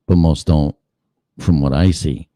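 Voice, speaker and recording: A man's voice: extremely low pitch, steady tone, measured pace, warm tone, no room sound. A man hosting a show in a casual, rambling monologue, cursing freely and asking rhetorical questions. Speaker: show host.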